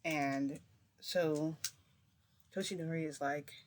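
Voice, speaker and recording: A woman recounts a long story in loose, casual speech, stumbling over restarts and packing in fillers. She keeps her voice low and hushed. A faint background hiss sits under her voice. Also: steady tone, slow pace. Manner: rambling, filler-heavy retelling with many restarts; speaks low to keep quiet. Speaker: storytime vlogger.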